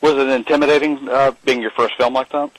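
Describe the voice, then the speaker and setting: A man's voice: mid-range voice, fairly even intonation, a little fast, dry recording, low-quality recording. A man interviewing an actress, asking short questions that prompt her to go on.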